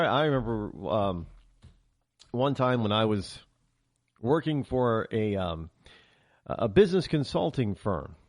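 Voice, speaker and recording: A middle-aged man hosting a talk show, delivering an animated, sarcastic monologue with lots of restarts. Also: mid-range voice, no room sound, studio quality. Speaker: radio talk show host. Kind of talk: opinionated monologue.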